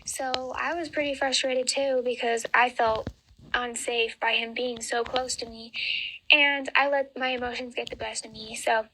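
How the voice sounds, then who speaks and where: Young woman, college age, personal storytelling, flat even delivery, matter-of-fact. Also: a little high, a little hiss or hum, low-quality recording. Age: young adult.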